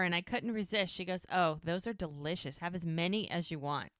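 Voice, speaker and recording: A woman with a smooth, clear voice and a fairly low pitch chats casually on a podcast. She retells scenes and acts out snippets of dialogue, and her mic sounds dry and close. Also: fairly quick, dry recording. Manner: retells scenes with quoted lines, animated. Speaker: podcast co-host. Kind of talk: casual recap chat.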